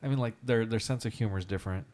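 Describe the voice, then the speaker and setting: A man co-hosts a casual podcast in a lower register. He tells stories in an animated way and acts out the people he quotes. He leans on fillers like "right?" and "you know.". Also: very fast. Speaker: podcast co-host and teacher. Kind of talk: casual chat.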